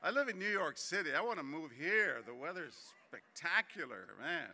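A man's voice: a little high, lively intonation, moderate pace, sharp tone. A man from Texas giving a conference keynote speech, chatty and joking at first, then earnest. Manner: chatty, jokey storyteller turning earnest. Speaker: keynote speaker. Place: large conference hall. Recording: reverberant hall.

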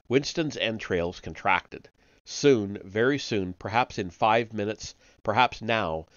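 A man reading a novel aloud live, measured, with occasional slips and self-corrections. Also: lowish voice, no room sound, dull audio. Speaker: reader of an online book series.

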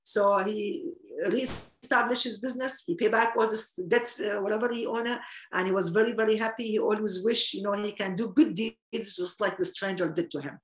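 A woman retelling a traditional story, animated and acting out the dialogue in quoted voices. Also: medium pitch, normal speed, echoey room, rough recording.

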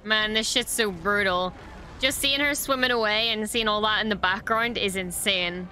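A woman's voice: medium pitch, normal speed, sharp tone, soft background music. A young woman hosting a reaction video, chatting casually and expressively, swearing often and gushing over what she watches.

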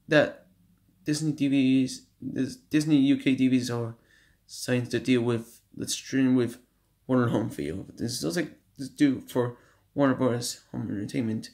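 A man at home casually showing off his DVD collection, reading out running times in a halting, stumbling way. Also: mid-range voice. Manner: shouts at noisy kids, then apologizes. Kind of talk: casual home video show-and-tell. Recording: faint background noise.

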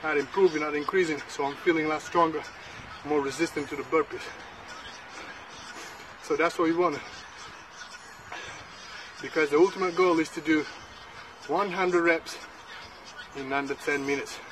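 A man's voice: on the high side, fairly even intonation, moderate pace, long pauses, distant mic, noisy background. A man vlogging his workout, out of breath, counting reps and pushing himself on. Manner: pumped-up self-talk between sets. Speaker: fitness vlogger.

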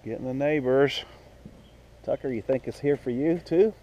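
A man's voice: medium pitch, normal speed, mellow. A man vlogging outdoors by a lake, chatting casually and talking to his dogs in baby talk. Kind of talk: casual vlog narration.

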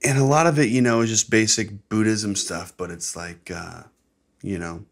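A man's voice: fairly low pitch, steady tone, normal speed. A young American man hosting his own podcast, talking in a casual, rambling, profane and sarcastic way. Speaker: podcast host. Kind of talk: casual solo podcast monologue.

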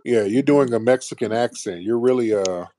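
A man's voice: medium pitch, normal speed, mellow. A man hosting a call-in show, sarcastic and combative, trading insults with callers and calling them sir.

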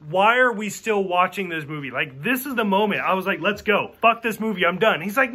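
A man with a high, bright voice giving a casual movie review. He rants frankly and swears freely, leaning on "like" as filler. He acts out quoted lines as he goes. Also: lively intonation, fairly quick, few pauses, husky.

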